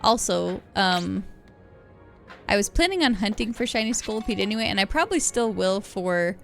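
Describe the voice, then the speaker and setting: A young woman streaming a game, chatting loosely and giggling at what she sees. Her voice sits in an ordinary middle pitch. Faint game music plays beneath her. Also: expressive, moderate pace, vocal fry, fairly bright tone. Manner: giggly, chatty, self-deprecating. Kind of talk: casual live gameplay commentary.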